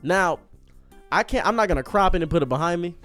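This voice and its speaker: Animated, high-voiced male comedic storyteller. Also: fast, soft background music. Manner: animated, theatrical, exaggerated delivery. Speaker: streamer and commentary host. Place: room in front of a green screen.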